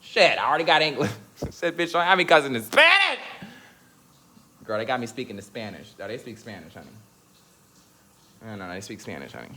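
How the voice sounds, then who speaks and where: A young man chatting casually to his viewers, sassy and slangy, breaking into laughs and high squeals. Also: big pitch swings, fairly quick, long pauses, sharp tone. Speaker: vlogger.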